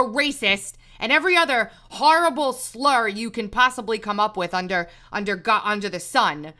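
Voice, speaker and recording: A woman's voice: a little high, moderate pace, few pauses, pushed and bright. A woman host delivering an exasperated, emphatic commentary monologue, repeating words when heated. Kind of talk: angry monologue rant.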